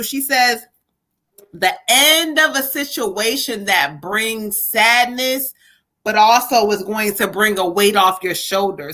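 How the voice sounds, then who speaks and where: Bright-voiced woman giving a card reading. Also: fairly high pitch. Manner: animated, talks to spirit and viewers. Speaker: psychic reader. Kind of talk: live stream card reading.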